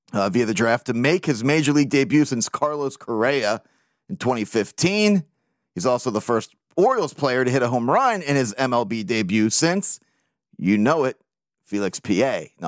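Male podcast host, animated fan, profane and lively, dry booth sound. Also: mid-range voice, dry recording. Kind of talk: casual sports podcast talk.

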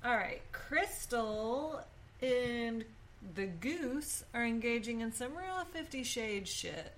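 A woman with a fairly high voice co-hosts a casual podcast and recaps episodes from her notes with sarcastic humor. A faint background noise sits under her voice. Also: lively intonation, slow. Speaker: podcast co-host. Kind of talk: casual chat recapping a show.

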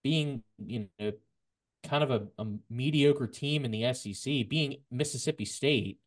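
Speaking in a mid-range voice, this casual sports podcast host trips over repeated words before surging forward in bursts of excitement.

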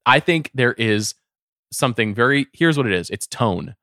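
A middle-aged man talks films on a podcast, earnest and a little rambling, stacking up repeated words when he gets carried away. His voice sits at an ordinary pitch for a man. The studio sound is dry and close, with no room around it. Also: lively intonation, normal speed, bright, forceful tone, no echo. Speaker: podcast co-host. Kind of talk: casual film chat.

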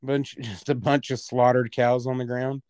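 A man co-hosting a casual podcast, telling stories in an animated way and laughing between words. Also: medium pitch, moderate pace, clean tone, no echo. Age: adult parent. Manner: animated storyteller, laughs mid-sentence. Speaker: podcast co-host.

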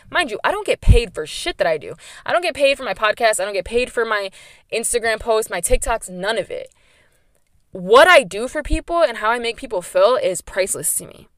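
A woman's voice: mid-range voice, fairly bright tone, dry recording, clean studio sound. A young woman hosting her own podcast, talking candidly and emphatically about faith with lots of "like" in her speech. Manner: candid, chatty, emphatic with frequent "like". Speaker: podcast host. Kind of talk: personal faith podcast monologue.

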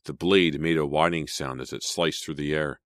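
A man with a bass voice narrates a horror audiobook, his steady tone and moderate pace captured in a dry, clean studio recording. The scripted reading is dramatic and suspenseful.

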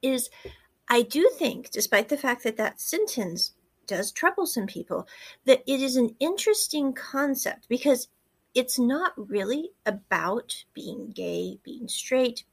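A woman with a fairly high voice talks through a drama episode in a loose, chatty way. She wanders off on tangents and retells the scenes by quoting the characters' lines. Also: animated, a little slow, vocal fry. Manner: chatty, digressive, retells scenes in quoted dialogue. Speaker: drama reviewer. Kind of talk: casual commentary recapping a drama.

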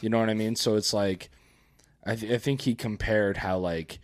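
A man's voice: fairly low pitch, steady tone, moderate pace, no echo. A tired man co-hosting a podcast, rambling in casual chat with lots of fillers and restarts. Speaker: podcast co-host.

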